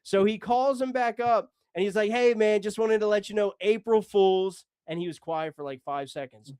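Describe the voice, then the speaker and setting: Man, casual storytelling, swearing, acts out dialogue, higher voice, dry recording. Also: fairly quick, darkish tone, smooth, dry recording.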